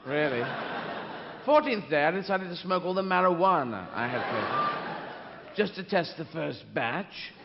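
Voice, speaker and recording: A man doing a pompous booming God. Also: gravelly, heavily acted. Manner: slow grand mock-posh delivery. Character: pompous booming male God, lazy and careless. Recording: live stand-up, hall reverb, muffled, crowd noise.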